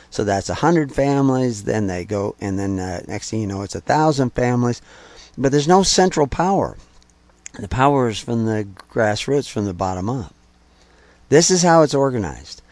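Male preacher, mid-pitched, emphatic teaching sermon with rhetorical questions, dry close recording. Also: a little mellow, no echo. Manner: emphatic, repeats key phrases; conversational with restarts and rhetorical questions. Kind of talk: sermon-style teaching talk.

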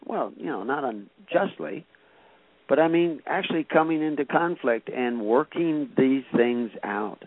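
A man's voice: mid-range voice, animated, measured pace, no room sound. Man, preacher, folksy sermon storytelling, emphatic, tinny radio sound, dry. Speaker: pastor.

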